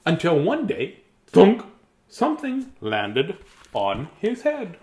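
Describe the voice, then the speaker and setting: A man's voice: sits high, huge pitch swings, slow pace, a little mellow, a little hiss or hum. Chuckling man reading a bedtime story. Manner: chatty, chuckling asides between read lines. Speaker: storybook reader and host. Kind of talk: bedtime picture-book reading on a live stream.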